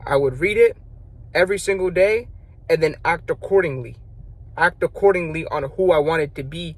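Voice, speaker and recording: A man's voice: fairly high pitch, normal speed. A young man telling a story and giving blunt, profane, slang-heavy self-improvement advice. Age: young adult. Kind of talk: casual advice monologue.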